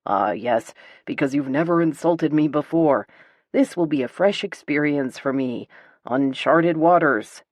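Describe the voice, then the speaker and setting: Woman voicing a charming, teasing young heir; lowered, rumbling banter, dry read. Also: unhurried, dry recording. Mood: mock-wounded.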